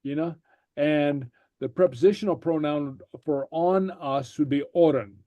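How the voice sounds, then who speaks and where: A man teaching a language class, pausing often with fillers and repeating each word for his students. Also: a little high, warm tone, no room sound. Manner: halting, many fillers, repeats words for students.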